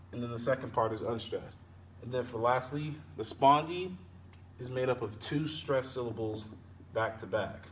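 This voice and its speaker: Man explaining poetry from a distance. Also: medium pitch. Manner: explains slowly, repeating and sounding out words. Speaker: teacher. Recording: distant mic with faint background noise.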